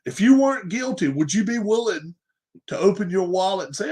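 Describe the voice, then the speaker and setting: Emphatic sports livestream host. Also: male voice, high-pitched, lively intonation, fairly quick, darkish tone. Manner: emphatic, repeats points, asks rhetorical questions. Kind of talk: opinionated sports rant.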